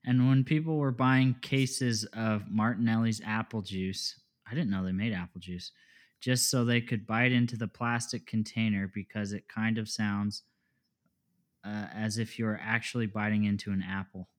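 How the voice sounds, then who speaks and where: A man's voice: lowish voice, moderate pace. A young man co-hosting a podcast in casual chat, laughing often and joking around. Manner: laughs often, jokey and relaxed. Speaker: podcast co-host.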